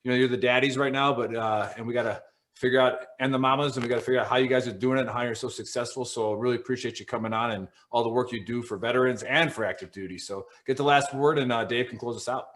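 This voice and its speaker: A man co-hosting a casual podcast, telling stories bluntly and with plenty of swearing. His voice sits at an ordinary middle pitch, and he keeps the talk loose and conversational. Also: steady tone, quick pace, fairly bright tone. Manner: profane, blunt storytelling. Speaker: podcast co-host.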